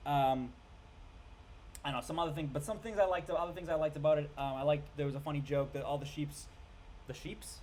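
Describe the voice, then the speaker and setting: A man's voice: a little high, steady tone, fast, darkish tone, slight background noise. A man giving a casual spoken movie review, rambling with lots of fillers, restarts and casual swearing.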